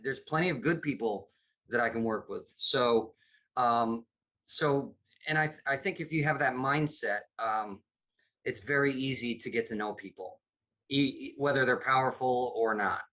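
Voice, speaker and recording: With a medium-pitched, fairly bright voice and a measured pace, a middle-aged man from upstate New York talks as a podcast guest. He's a comedy producer, and the casual interview finds him rambling through many restarts.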